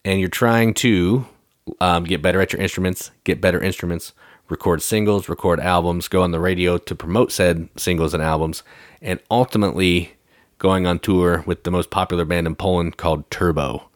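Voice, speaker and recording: A man with a very deep voice walks through game rules in an easy, rambling podcast style. The recording is dry and close-miked. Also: moderate pace, no room sound. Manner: relaxed, explains rules with fillers like "like" and "um". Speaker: podcast co-host. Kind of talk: casual board game chat.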